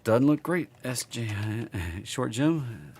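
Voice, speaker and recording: Southern guy going over stock charts live, gravelly voice, chatty, faint noise and typing behind. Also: medium pitch, sing-song, slow, a little mellow. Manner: casual, chatty, reacting to viewers while reading charts. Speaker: stock market streamer. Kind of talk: live chart analysis stream.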